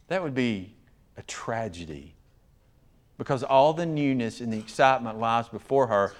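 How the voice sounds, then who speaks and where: A man preaching a sermon, animated, often acting out quoted voices of others. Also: medium pitch, normal speed. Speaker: pastor.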